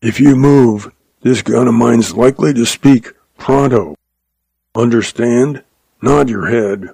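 A man voicing a gruff Western outlaw who issues terse threats in a hoarse, croaking whisper. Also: medium pitch, slow pace, warm tone, dry recording, exaggerated voice. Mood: menacing.

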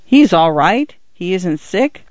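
A man's voice: high-pitched, slow, no echo, dull audio, exaggerated voice. A man voicing a patient, philosophical ranch hand in a storybook reading. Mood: calm. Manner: calm, philosophical.

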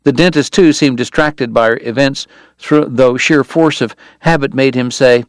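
A man doing scripted audiobook narration in a measured, even storytelling way on a close microphone. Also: medium pitch, no echo.

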